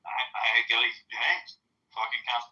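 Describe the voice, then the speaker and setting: A man's voice: medium pitch, monotone, measured pace, bright, forceful tone. A man arguing as a guest on a live stream, rambling with many fillers and restarts. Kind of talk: heated live stream argument. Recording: distant, dull lo-fi call audio.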